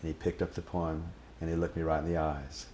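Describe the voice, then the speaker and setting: A man telling a personal anecdote about his spiritual teacher in an animated, reverent way, quoting others and reciting passages from memory. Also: extremely low pitch, fairly quick. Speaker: storyteller.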